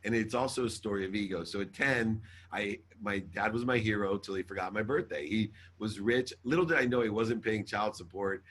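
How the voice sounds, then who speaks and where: A man, a guest in an interview, telling an emotional personal story in an animated, emphatic way. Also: fairly low pitch, a little fast, few pauses. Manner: animated, emphatic, swears casually. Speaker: guest entrepreneur.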